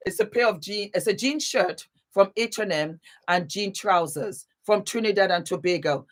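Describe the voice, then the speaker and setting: A woman hosting a casual live stream, greeting viewers warmly by place and laughing often as she chats. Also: mid-range voice, normal speed. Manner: warm, chatty, calls viewers baby and beautiful. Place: home, seated.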